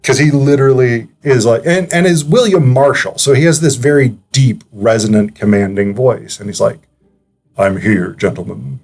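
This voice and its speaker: A man's voice: mid-range voice, moderate pace, hardly any pauses, darkish tone, faint music behind. Chatty man reviewing a film. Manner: chatty, digressive, hesitant with filler words. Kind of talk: casual analytical commentary.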